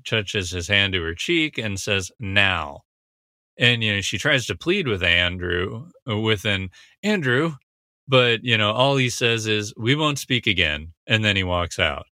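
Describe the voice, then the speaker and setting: A man's voice: fairly low pitch, sharp tone, no room sound, clean studio sound. A man giving a casual, analytical scene-by-scene commentary, recapping dialogue with frequent fillers.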